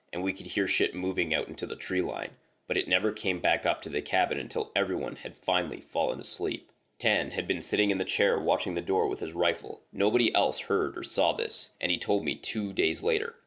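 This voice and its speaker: Male horror story reader, low register, casual and profane first-person delivery. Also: a bit bright.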